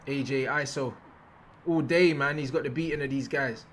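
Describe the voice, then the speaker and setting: A young man reacts to football footage in loose, slangy commentary, repeating himself and erupting loudly at the big moments. His voice is medium-pitched and steady, and he talks at a moderate pace.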